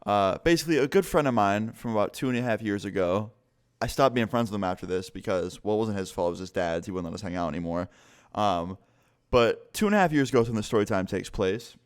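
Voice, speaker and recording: Laid-back young man with a low voice. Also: lively intonation, fast, smooth. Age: young adult. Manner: laid-back, profane, filler-heavy. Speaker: vlogger. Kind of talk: casual story time.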